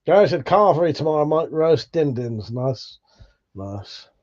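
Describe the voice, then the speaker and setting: A man's voice: on the high side, expressive, measured pace, darkish tone, muffled recording. A British man hosting a casual livestream, chatting and reading out viewer comments in a laid-back, swearing, chuckling way. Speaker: livestream host.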